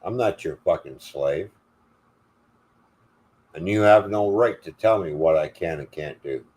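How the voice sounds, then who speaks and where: A man's voice: deep voice, a little slow, darkish tone. An older man hosting a livestream, delivering an angry, profane, defiant rant. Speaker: livestream host.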